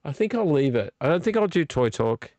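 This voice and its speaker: A man's voice: a little high, very animated, brisk, darkish tone, no room sound, highs cut off. A man hosting a late-night live vlog, a bit tipsy from beer, rambling and blunt and swearing freely. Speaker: livestream host.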